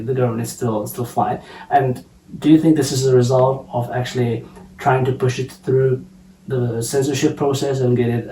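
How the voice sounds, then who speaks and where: A man's voice: medium pitch, dark tone. A man co-hosting a podcast in a casual book discussion, asking questions and talking with many fillers and restarts. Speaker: podcast co-host. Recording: roomy, distant mic with faint ambience.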